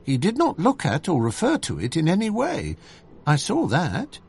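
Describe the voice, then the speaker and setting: A man narrating an audiobook in an expressive, measured storytelling manner. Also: on the high side, gravelly, husky.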